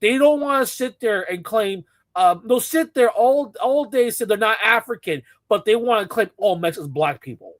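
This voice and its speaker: A man's voice: sits high, expressive, moderate pace, dry recording. A man giving a profane, scornful rant as a commentator reacting to a clip.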